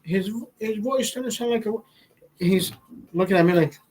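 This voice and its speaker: A man tells a story in a casual, profane way, his voice sitting a bit higher than most men's. He jumps into the voices of the people he quotes as he goes. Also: normal speed, rough recording. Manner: profane, animated, acts out quotes. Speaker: host.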